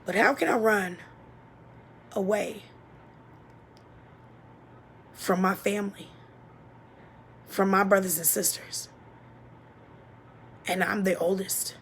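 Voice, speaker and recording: A woman telling a painful childhood story as a personal testimony, halting and emotional, often dropping to a near-whisper. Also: mid-range voice, slight background noise. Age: adult.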